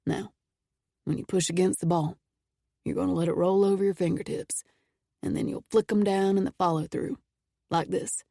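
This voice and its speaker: A woman doing a relaxed teasing young man. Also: normal speed, gravelly, pauses often, no echo, studio quality. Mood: gentle, teasing. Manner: relaxed, low teasing drawl.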